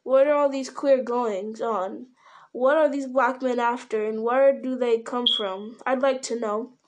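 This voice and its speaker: A woman's voice: on the high side, fairly even intonation, measured pace, lo-fi sound, slight background noise, close to an everyday voice. Woman reader voicing a middle-aged male innkeeper: nervous, gossipy, rambling, storybook tone. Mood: fretful. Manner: rambling, fretful. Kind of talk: storybook reading.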